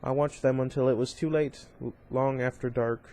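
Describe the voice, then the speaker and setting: A man's voice: medium pitch, fairly even intonation, normal speed, dark tone. A man reading a novel aloud in an informal way, with small slips, restarts and brief asides. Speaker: reader.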